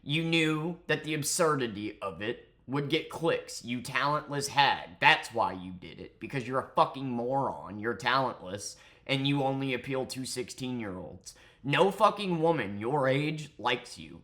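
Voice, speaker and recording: A man's voice: medium pitch, expressive, unhurried, hardly any pauses, bright, forceful tone. A man ranting angrily in a commentary vlog, profane and mocking. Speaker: commentary vlogger.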